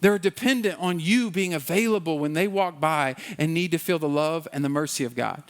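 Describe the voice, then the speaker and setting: High-voiced pastor preaching a casual sermon. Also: male voice. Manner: conversational preaching with quick acted asides; drops to a low, soft voice in prayer. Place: church.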